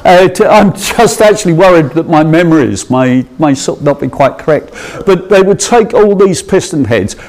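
A man's voice: fairly high pitch, animated, moderate pace, few pauses, a little mellow. A middle-aged English man delivers a homely sermon in a rambling, storytelling way. He trips over his words, restarts often and chuckles as he goes, then draws a plain lesson at the end. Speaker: preacher. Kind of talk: anecdotal sermon.

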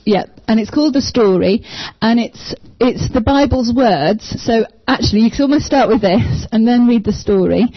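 A woman whose voice is a little high and has a breathy edge speaks at normal speed with few pauses. She's a church small group member giving a casual, enthusiastic but hesitant testimony full of ums, recorded dry and lo-fi with a dull sound.

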